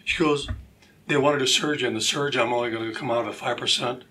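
Bright-voiced man telling a testimony. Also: medium pitch, racing. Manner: animated, acts out quoted voices. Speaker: guest. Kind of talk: storytelling testimony.

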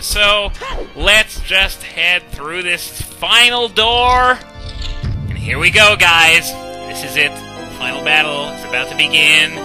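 Young guy doing let's play commentary, kinda high voice, lots of uhs, game music going loud underneath. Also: slow pace, low-quality recording. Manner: chatty, self-deprecating, frequent "uh" and "um". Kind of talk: gameplay commentary. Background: video game music.

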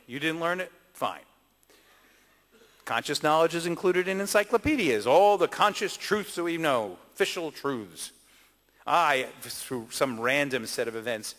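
A man's voice: mid-range voice, fairly bright tone, in a large hall. A man giving a conference lecture, using rhetorical questions and emphatic repetition. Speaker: keynote lecturer.

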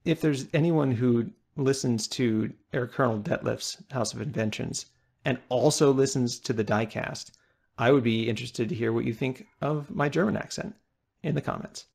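A man with a low, gravelly voice adds short, understated remarks as a podcast co-host. His delivery stays low-key and conversational. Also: moderate pace, a little mellow. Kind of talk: casual podcast chat.

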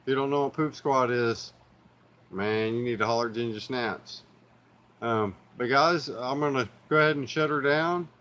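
In a mid-range, slightly bright voice at normal speed, an Oklahoma-accented host rambles through a casual live stream. His manner is laid-back, heavy on fillers, with frequent "y'all" aimed at viewers.

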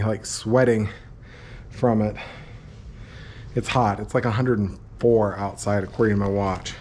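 Unhurried man vlogging on a walk. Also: a little mellow, a little hiss or hum. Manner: high sing-song baby talk to his dog. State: out of breath. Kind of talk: casual daily vlog. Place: outdoors on a hot walk, then in a car. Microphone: handheld action camera.

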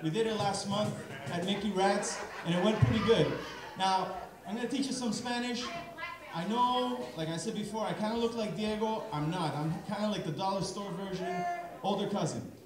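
A man's voice: sits high, moderate pace, a crowd in the background. A man from Canada, a live music entertainer doing upbeat, chatty stage banter and coaxing the audience on a live stage. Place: large hall, live stage. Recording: echoey hall, music behind.

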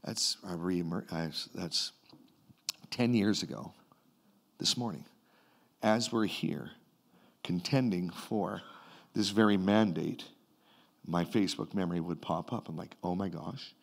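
A Canadian man, a pastor, telling a dream and a vision in a sermon, with his voice swinging between loud bursts and quiet moments. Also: sits low, measured pace, creaky, long pauses. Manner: animated, retells a vision in a rising and falling voice. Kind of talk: sermon storytelling.

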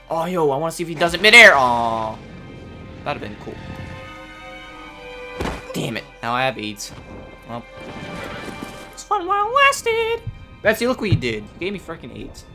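A man talks through a video game in a loose, playful way, cursing freely and chatting to the creatures as if they were friends. His voice swings widely in pitch at a middling register. Clear game music plays underneath. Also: bright, forceful tone. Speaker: let's play gamer. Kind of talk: casual gameplay commentary.

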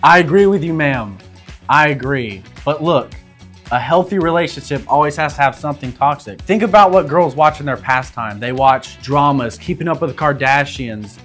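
A man's voice: mid-range voice, normal speed, fairly bright tone, faint music behind. Brash Southern man reading comments. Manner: brash, crude, joking bravado. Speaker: show guest reading comments.

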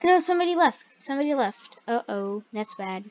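A woman hosting a gaming video, chatting casually through the play, chatty and excitable and yelping when startled. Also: high voice, brisk. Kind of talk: casual gameplay commentary. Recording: dull lo-fi recording.

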